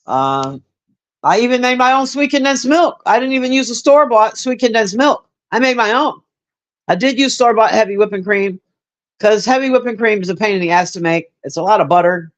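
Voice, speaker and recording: High-voiced man, profane rambling streamer. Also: normal speed. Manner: profane, rambling, with many fillers; talks straight to chat by name. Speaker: streamer chatting with viewers. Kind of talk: casual chat.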